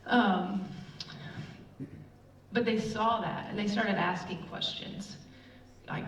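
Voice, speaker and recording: A woman's voice: mid-range voice, fairly even intonation, takes it slowly, pauses often, fairly bright tone. A middle-aged woman preaches in a chatty, storytelling way, full of little fillers. Her voice sounds distant and echoey, as if picked up from across a hall. The sound is slightly dull, with faint room noise behind her. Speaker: church speaker. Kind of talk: casual sermon with personal stories.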